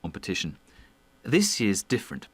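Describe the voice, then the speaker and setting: A man's voice: lowish voice, huge pitch swings, normal speed, breathy edge, no echo, exaggerated voice. An earnest young design student in a scripted listening test, explaining his idea step by step. The recording is dry and close.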